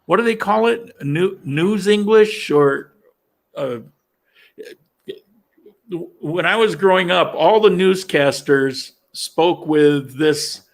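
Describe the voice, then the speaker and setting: A man from upstate New York hosting a casual livestream chat, talking in a halting way with many restarts and fillers. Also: high-pitched, vocal fry. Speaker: livestream host.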